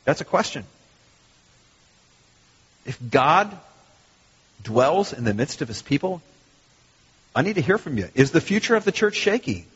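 A man preaching a sermon as a pastor, animated and fond of rhetorical questions and repeated phrases. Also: fairly high pitch, a little slow, long pauses, slightly rough. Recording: long hall reverb, dull lo-fi sound.

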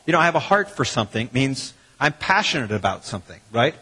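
A man, a pastor preaching a sermon in a church in a lively, conversational way with quoted asides. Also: medium pitch, quick pace, slightly rough. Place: church sanctuary. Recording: long hall reverb.

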